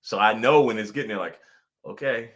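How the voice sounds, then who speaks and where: Bright, animated male livestream coach. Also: lowish voice, a little fast. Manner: animated, laughs often, repeats lines for emphasis. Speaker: pastor and life coach hosting a weekly livestream. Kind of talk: casual livestream motivational talk.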